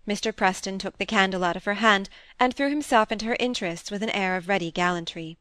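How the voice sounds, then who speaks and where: A woman reads a classic novel aloud in a measured, even storytelling voice. Her pitch sits in the middle range. The close mic catches no room at all. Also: dry recording. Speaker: audiobook narrator. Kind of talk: scripted narration.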